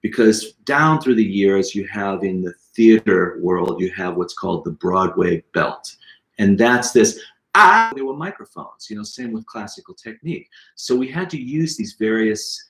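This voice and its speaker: This online voice lesson comes from a middle-aged man with a Boston accent, a teacher from the Boston area who mixes sung examples into his explanations. The audio is poor, and his voice is lowish.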